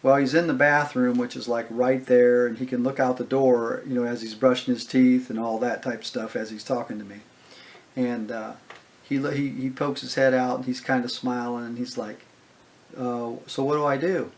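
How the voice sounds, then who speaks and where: A man of middle pitch recounts a story in an easy, conversational way. He leans on fillers and acts out both sides of the exchange, his voice rising for the quoted lines. The tone stays unscripted and chatty. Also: steady tone, moderate pace. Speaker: guest speaker. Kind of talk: casual storytelling.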